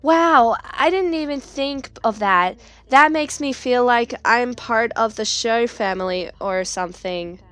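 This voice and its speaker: A woman's voice: fairly high pitch, measured pace, fairly bright tone. A woman voicing a sweet, innocent young idol. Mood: touched.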